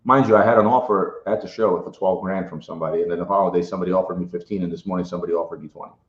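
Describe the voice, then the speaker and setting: Interviewed casually about being a sneaker collector, a middle-aged man from Ukraine speaks quickly and with emphasis, repeatedly adding "right?". His low voice keeps a steady tone in a roomy, dull-sounding recording.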